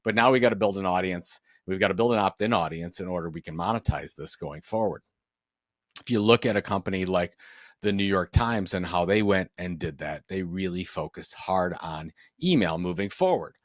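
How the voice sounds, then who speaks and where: A man presenting a business webinar, talking straight to his audience with energetic, emphatic delivery. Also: low voice, moderate pace, no echo, studio quality. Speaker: business author and speaker.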